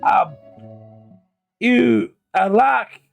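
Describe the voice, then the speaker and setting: A man running a tabletop game as game master, with a high voice and a gravelly edge. He narrates slowly and haltingly, filling gaps with many ums and uhs, while soft music plays behind. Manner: hesitant, full of fillers.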